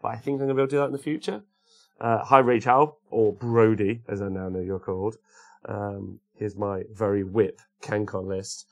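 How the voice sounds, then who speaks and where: A man's voice: fairly low pitch, vocal fry. A man hosting a casual livestream, rambling and chatting while greeting viewers by name. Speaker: livestream host. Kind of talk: casual chat reading live comments.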